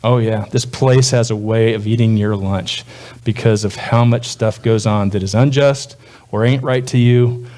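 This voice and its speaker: A man preaching a sermon as a pastor, talking in a loose, conversational way and putting on quick voices for the people he quotes. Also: steady tone, dark tone. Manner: conversational, voices quoted speakers with jumps in pitch.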